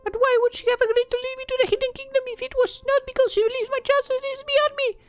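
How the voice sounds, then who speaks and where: A woman's voice: very high voice, little pitch movement, quick pace, soft background music, pitched above the performer's own voice. A woman voicing an anxious young princess who is turning into a fairy, speaking in an earnest, fretful, questioning way. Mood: doubtful.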